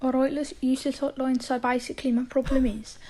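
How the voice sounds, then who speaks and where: A woman calling in to a podcast in a put-on Brummie accent that slips into generic British, telling her problem in a rushed, half-whispered way. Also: high-pitched, level tone, warm tone, poor audio. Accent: put-on Brummie slipping into generic British. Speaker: caller. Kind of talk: voice message to a podcast.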